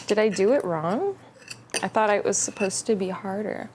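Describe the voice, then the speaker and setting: A woman's voice: mid-range voice, expressive, normal speed, noisy background. Playful woman vlogging from her bakery. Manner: playful, jokey. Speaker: baking vlogger. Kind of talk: casual chat. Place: home bakery. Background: background music.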